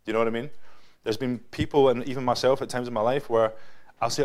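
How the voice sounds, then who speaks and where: A man's voice: mid-range voice, a little fast. A man with a Scottish accent preaching a casual, conversational sermon, often checking in with "right?" and "yeah?". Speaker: pastor. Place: church building.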